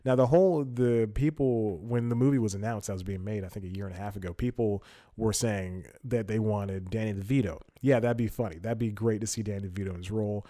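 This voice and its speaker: Chatty, laughing man with a low voice. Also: brisk, mellow. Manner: chatty, laughs often, thinks aloud. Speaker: podcast host. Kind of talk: casual solo commentary.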